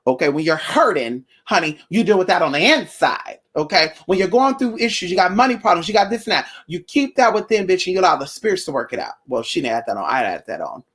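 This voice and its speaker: A woman's voice: on the low side, big pitch swings, fast, few pauses, a bit bright, husky. A woman telling a personal story to her viewers in a casual, blunt and profane way, calling them girl and honey. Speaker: spiritual vlogger.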